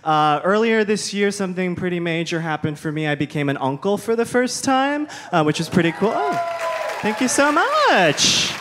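A man's voice: sits high, expressive, fairly quick, hardly any pauses. Young male stand-up, dry wry delivery, light crowd noise behind. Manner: wry, self-deprecating, hesitant fillers. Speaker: stand-up comedian. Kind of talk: stand-up set. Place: comedy club stage. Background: audience laughter.

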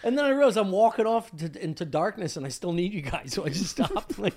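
A man's voice: high voice, animated, fast talker, crowd noise. Profane laughing storyteller man. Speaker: podcast co-host. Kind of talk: casual storytelling chat.

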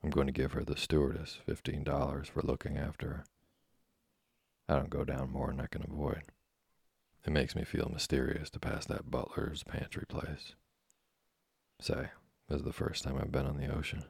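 A man's voice: a bass voice, monotone, moderate pace, creaky, a little mellow, slightly rough, no echo, studio quality, full character voice. A man voicing a brash, boastful American teenage boy who talks in cocky slang.

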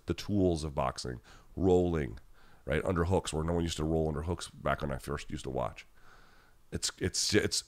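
A man hosting a live chat podcast, talking bluntly and casually and swearing freely as he answers viewers while sick at home. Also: very deep voice. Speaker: podcast host.

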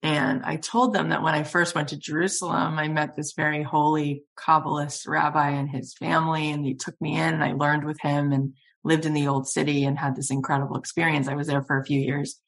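A woman with a very low-pitched voice hosts a relaxed interview. She tells personal stories in an animated way and often breaks into laughter. Her delivery is expressive and conversational. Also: fairly quick, hardly any pauses. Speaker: podcast host.

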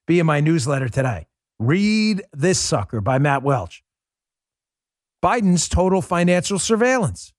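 Guy hosting a talk show, kinda high voice, sarcastic and punchy, bone-dry close mic. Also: no echo. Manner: sarcastic, emphatic, talks straight to listeners. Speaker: show host. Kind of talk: political commentary show.

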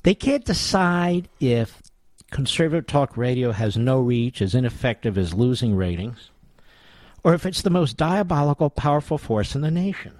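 A man's voice: medium pitch, big pitch swings, moderate pace, a little mellow, no room sound, clean studio sound. A man hosting a political talk radio show, delivering a combative, sarcastic monologue.

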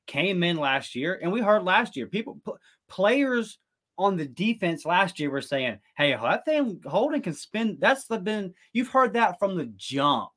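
A man co-hosting a sports talk show, making his case in an earnest, argumentative way with quick bursts of speech. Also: high voice, big pitch swings, sharp tone. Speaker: podcast co-host.

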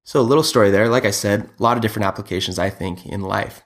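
A man's voice: fairly low pitch, quick pace. A man who is a father and youth hockey coach, telling a story in an earnest, conversational way.

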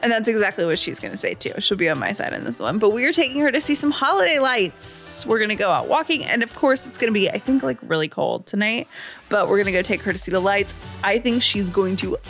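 A woman's voice: mid-range voice, sing-song, fast talker, fairly bright tone, faint music behind. A woman in her thirties co-hosting a podcast, chatting casually and reading out fun facts with frequent laughs. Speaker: podcast co-host. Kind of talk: casual chat.

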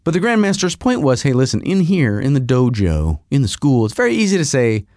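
A man hosting a podcast, telling a rambling story in a casual, animated way with frequent restarts. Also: medium pitch, a little fast, no echo, clean studio sound. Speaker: podcast host. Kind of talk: casual monologue.

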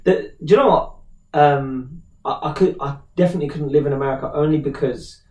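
A British man co-hosting a podcast, chatting casually and telling stories with lively impressions of people. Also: a little high, a little fast. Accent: British English. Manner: animated storyteller, mimics people. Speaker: podcast co-host. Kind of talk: casual chat. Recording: roomy, distant from the mic.

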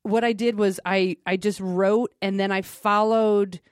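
A woman's voice: mid-range voice, measured pace, smooth, dry recording, clean studio sound. A middle-aged woman comedian, a podcast guest, telling stories in casual chat with candid, slightly profane energy. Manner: animated storyteller, candid and a bit profane.

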